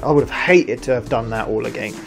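Over game music, a let's play host narrates with excitable energy, frequently laughing and muttering to themselves. Their medium-pitched voice moves fairly quickly and has a gravelly edge.

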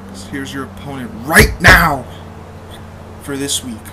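A man's voice: medium pitch, measured pace, pitched below the performer's own voice, poor audio. A man voicing a cocky, taunting male wrestler who owns the promotion, out of breath and boastful. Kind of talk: wrestling promo in a fan-made game show. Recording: loud background noise.

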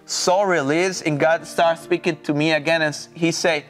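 A pastor from Mexico telling his testimony in halting, earnest English with a Mexican Spanish accent. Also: fairly high pitch, fairly even intonation, faint music behind. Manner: earnest, halting non-native English with repeated restarts. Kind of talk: personal testimony in an interview.

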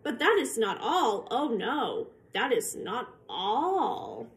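A woman voicing a playful, showy male cat trickster in a storybook read-aloud, with a slow, sing-song, boastful delivery. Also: on the high side, wildly swooping pitch, exaggerated voice.

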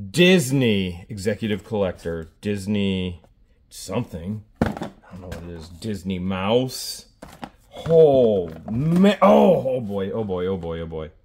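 A man hosting a treasure hunting vlog, talking excitedly in wonder as he digs through what he found. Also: lowish voice, background noise. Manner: excitable, keeps exclaiming in wonder. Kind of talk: casual unboxing commentary.

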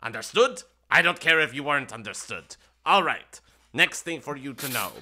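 A man's voice: medium pitch, animated, moderate pace, pushed and bright, slight background noise, voice pushed up. A man voicing a grumpy, scheming male imp guide who talks in clipped, broken English and scorns the heroes. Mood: scornful. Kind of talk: tabletop game voice acting.

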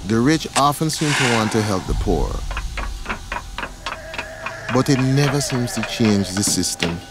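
A man's voice: mid-range voice, very animated, measured pace, heavy background noise. A man narrating a scripted story in the second person, in a dramatic storytelling manner.

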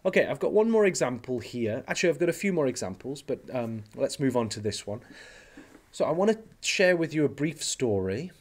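A male teacher giving an online lecture, explaining step by step in a relaxed way and often pausing with "okay" and "um". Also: medium pitch.

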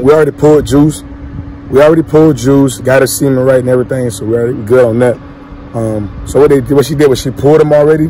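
A man's voice: medium pitch, dark tone, slight background noise, poor audio. A young man casually vlogging outdoors as a dog breeder, slangy and loose, talking straight to his viewers. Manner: loose, chatty, addresses viewers directly. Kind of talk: casual slangy talk to camera.

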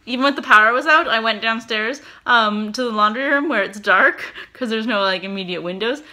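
A woman's voice: fairly high pitch, brisk, sharp tone. A woman, chatting casually to camera at home in a rambling way with lots of fillers and giggles. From Canada. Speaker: vlogger. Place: home, indoors.

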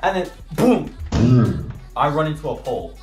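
Young male YouTuber, lively storyteller, jokey, echoey room with faint music. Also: mid-range voice, fairly quick. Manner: animated, acts out voices, jokey asides. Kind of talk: casual storytime.

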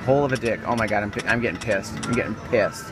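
A man's voice: lowish voice, quick pace. A man playing a slot machine live in a casino, commentating with profane, joking rants. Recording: loud slot machine music behind. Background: loud slot machine music.

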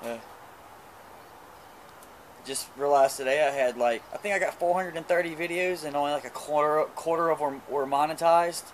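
A man's voice: fairly high pitch, normal speed, slight background noise. A man chatting casually while cooking outdoors at a grill, crude and joking, stumbling over his words. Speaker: cooking vlogger. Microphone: camera mic.

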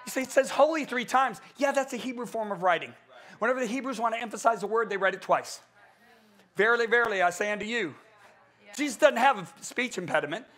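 A middle-aged man preaching a conference sermon, emphatic and animated, acting out quotes in different voices. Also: fast. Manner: animated, emphatic, acts out quotes with big pitch swings.

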